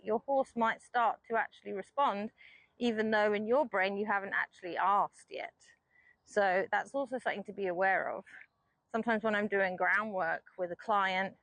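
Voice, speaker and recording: A woman riding instructor explaining riding technique calmly and patiently from horseback. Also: medium pitch, dry recording, poor audio. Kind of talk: explanatory lesson while riding.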